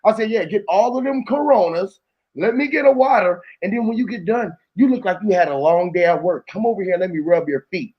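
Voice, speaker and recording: Male storyteller, high voice, slangy and animated, plays out every quote in casual talk. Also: a little fast, lo-fi sound.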